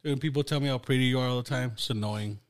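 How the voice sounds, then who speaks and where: A man's voice: mid-range voice, quick pace. A man hosting a podcast, chatting casually, teasing his guest and swearing often. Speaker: podcast host. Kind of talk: casual chat.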